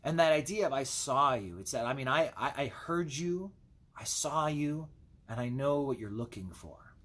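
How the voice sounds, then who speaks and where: A man's voice: medium pitch, expressive, moderate pace, a bit bright. A man as a pastor, giving a casual Bible devotional with chatty asides while he reads scripture.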